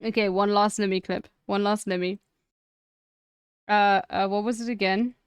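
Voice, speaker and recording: Giggly young woman, smooth dry voice. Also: medium pitch, normal speed, no echo. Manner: excitable, giggly, sweary. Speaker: streamer reacting to clips. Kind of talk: casual react stream chat.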